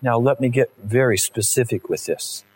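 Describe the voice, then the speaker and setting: A man's voice: medium pitch, moderate pace, darkish tone, rough recording. A male pastor delivering a conversational sermon and acting out little everyday scenes.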